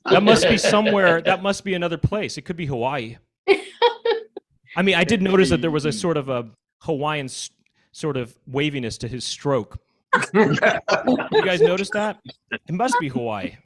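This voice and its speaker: A man's voice: on the high side, moderate pace, long pauses, a loud crowd. A man doing improvised stand-up, riffing absurdly and chatting with an online audience. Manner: goofy, deadpan absurd riffing, chats with audience. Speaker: stand-up comedian. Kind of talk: improvised stand-up with crowd work. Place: live-streamed comedy show, audience on video call. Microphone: video call mic.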